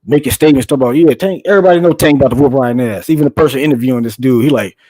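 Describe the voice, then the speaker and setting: A man's voice: mid-range voice, very fast, warm tone, dry recording, poor audio. A man in casual chat, talkative and profane, explaining his views at length.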